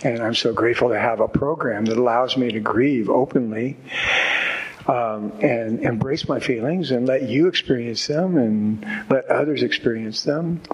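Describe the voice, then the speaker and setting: A man's voice: mid-range voice, moderate pace, husky, rough recording. A man speaking to a group at a recovery meeting, giving a candid, reflective personal testimony with wry humor.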